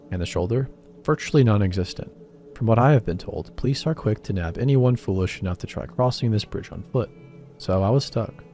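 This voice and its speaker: A man reading a first-person horror story as scripted narration, measured and wry. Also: on the low side, mellow.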